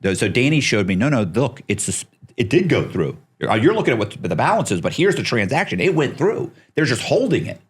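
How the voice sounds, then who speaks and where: A man's voice: mid-range voice, big pitch swings, fairly quick, husky. A middle-aged man telling a story as a podcast guest, acting out the people he quotes and swearing casually.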